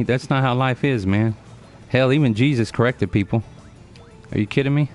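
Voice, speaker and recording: Soft background music plays behind a man in his forties whose medium-pitched, darkish voice moves at a moderate pace. He chats earnestly on a live stream, answering viewers by name, lecturing and repeating himself.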